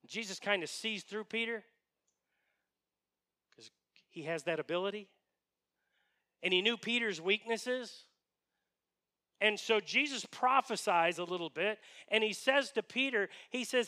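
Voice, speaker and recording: Brief: male pastor, conversational sermon, high-pitched, bright and sharp. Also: unhurried, long pauses. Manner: conversational storytelling, dropping to hushed tones.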